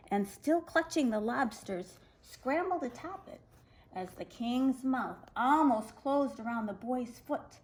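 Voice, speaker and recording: A woman reading a folktale aloud to children, expressive and animated. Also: a little high, poor audio. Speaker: children's storyteller.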